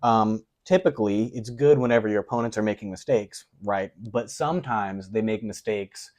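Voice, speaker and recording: A low-voiced man hosting a casual interview. He reflects his guest's words back to him thoughtfully, pausing on "um"s as he builds his points in a coach-like way. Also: a little mellow. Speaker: interview host.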